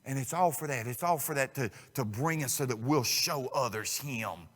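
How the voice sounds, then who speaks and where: A man preaching a sermon as a guest speaker, folksy and conversational, dropping to a hush and rising loud as he acts out quotes. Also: medium pitch, animated, normal speed. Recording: long reverb of a church sanctuary.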